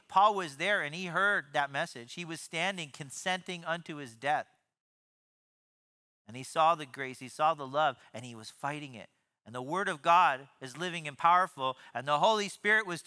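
A man giving a sermon as pastor, animated, often repeating and restarting words and acting out quoted voices. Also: fairly high pitch, smooth. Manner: acts out quoted voices in his preaching.

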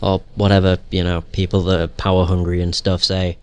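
A man's voice: low-pitched, monotone, brisk, clear, resonant tone. A young man giving casual gameplay commentary in a joking, profane, sarcastic way.

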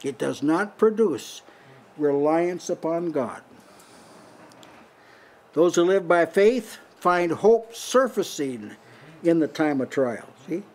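An older man leads Bible teaching at a small house church meeting. His voice sits high for a man, and he talks in a loose, conversational way. He chuckles often and lifts his voice noticeably whenever he quotes a line. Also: animated, takes it slowly, long pauses, darkish tone. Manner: conversational, breaks into lifted voice for quoted lines, frequent short laughs. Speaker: preacher.

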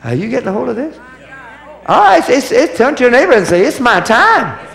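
A man's voice: very high voice, sing-song, fast talker, vocal fry, roomy sound. A man preaching a sermon to a congregation, emphatic and repetitive, calling for answers from the crowd. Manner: emphatic, repetitive, call-and-response.

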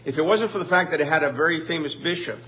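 A pastor preaching a conversational sermon in a church, with lively asides and mock complaints. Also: male voice, fairly high pitch, fast talker, a little hiss or hum. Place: church sanctuary.

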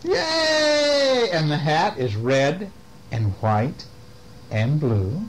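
Animated older man reading bedtime stories. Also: mid-range voice, takes it slowly, background noise. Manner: animated, playful questions to the kids. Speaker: storyteller. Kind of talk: reading a picture book aloud to children.

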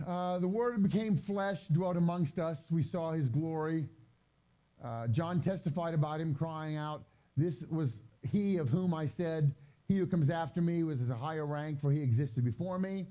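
A man giving a conversational Bible teaching with slides, reading scripture slowly and explaining it in loose, chatty asides. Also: a little high, dark tone, lo-fi sound. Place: gathering hall during a live-streamed event.

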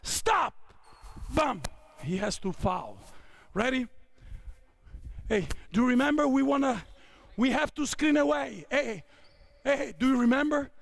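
Italian coach in his 50s, high gravelly voice, barks drill calls on a court, slow-talking. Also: animated. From Italy. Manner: barking short drill commands. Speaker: basketball coach. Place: indoor basketball court.

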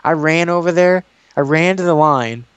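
A man's voice: on the high side, moderate pace, smooth, no room sound, dull audio. Rambling man, dry sound. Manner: rambling, animated storytelling with restarts. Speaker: guest YouTuber. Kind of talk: casual interview chat.

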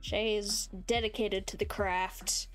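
A woman's voice: medium pitch, steady tone, takes it slowly, faint music behind. A woman streaming a game, chatting casually and thinking aloud as she builds, with frequent laughter. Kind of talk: casual live-stream chat while gaming.

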